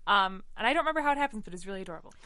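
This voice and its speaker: A chatty woman with a bright, crisp voice talks through a show she loves, full of fillers and asides. Her voice sits a touch high and sounds dry and close. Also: expressive, racing, no echo. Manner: chatty, enthusiastic, lots of fillers. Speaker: podcast co-host. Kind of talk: casual chat recapping a musical.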